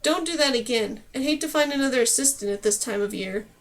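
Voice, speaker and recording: A practical woman trainer in a fantasy audiobook, read by a woman narrator, who speaks firmly and without fuss. The high voice stays level and in control. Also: fast talker. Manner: firm, no-nonsense.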